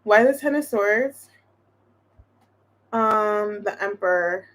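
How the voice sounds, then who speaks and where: A woman's voice: medium pitch, slow pace, a bit bright. A woman giving a casual tarot reading to her viewers, thinking aloud in a chatty way with lots of restarts. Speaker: tarot reader.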